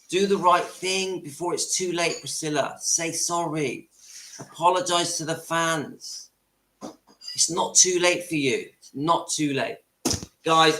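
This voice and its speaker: Man, channel host, earnest, emotional, bright voice, echoey room. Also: on the high side. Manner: earnest and emotional, addressing viewers directly. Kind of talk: livestream monologue to viewers.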